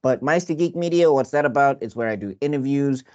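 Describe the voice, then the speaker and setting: A man's voice: medium pitch, fairly quick, darkish tone. Playful man on a dull-sounding mic. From South Africa. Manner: playful, laughing, hype. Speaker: podcast co-host. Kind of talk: casual podcast chat.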